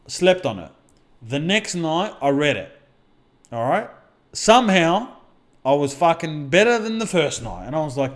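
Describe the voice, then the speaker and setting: A man's voice: a little high, animated, normal speed. A middle-aged man, talking bluntly and swearing often as a podcast co-host and mindset coach, telling stories from his own life. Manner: blunt, heavy swearing, storytelling. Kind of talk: casual podcast chat.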